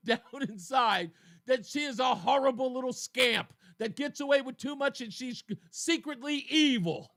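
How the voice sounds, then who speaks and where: A man hosting a political talk radio show, talking in an animated, mocking way and laughing often. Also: very high-pitched. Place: radio studio.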